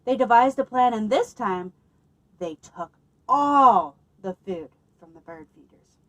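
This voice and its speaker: Her voice a little high and the audio poor, a woman librarian brings a picture book to life for children at story time. She reads with energy and expression, breaking off to ask questions.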